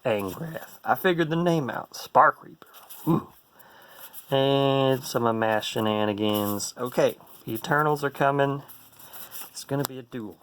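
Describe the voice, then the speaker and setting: A man's voice: medium pitch, fairly bright tone. A man casually commenting on a card game playtest in a playful, goofy way, full of jokes and silly asides. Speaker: card game player and host.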